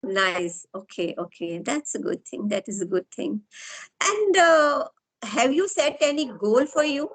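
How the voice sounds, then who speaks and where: Middle-aged indian lady interviewing, bit high voice, rambles thoughtfully through her questions. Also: very animated, poor audio. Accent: Indian English. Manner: thoughtful, long winding questions with pauses. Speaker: interviewer, host of English-speaking sessions. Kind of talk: conversational interview.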